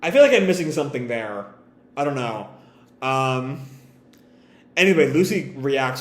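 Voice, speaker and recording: A man's voice: mid-range voice, expressive, unhurried, pauses often. A man reacting live to a manga chapter, thinking aloud with hesitant restarts. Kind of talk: live reading and reaction commentary. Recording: echoey room.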